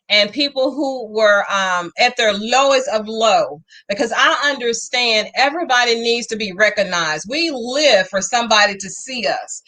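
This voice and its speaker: A woman's voice: a little high, sharp tone. A woman talk show host, heaping emphatic praise on her guest in an effusive interview chat.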